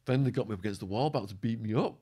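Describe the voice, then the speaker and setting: Male podcast guest, lowish voice, hoarse, animated storyteller. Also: very fast. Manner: animated storyteller acting out quotes with swearing. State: voice going hoarse. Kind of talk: storytelling in an interview.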